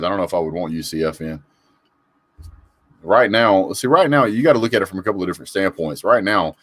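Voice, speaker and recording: A man with a deep, slightly bright voice hosts a casual live sports call-in show with no room sound. He reads the chat, calls out viewers by name, and talks in a chatty, opinionated way.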